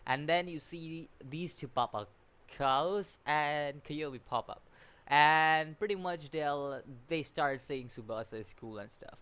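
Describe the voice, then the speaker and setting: A man giving a casual spoken anime episode review, animated and incredulous, laughing often and filling his talk with "like" and "what?". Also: medium pitch, clear, resonant tone. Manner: animated and incredulous, full of fillers and repeated "like, what?"; laughs often while talking.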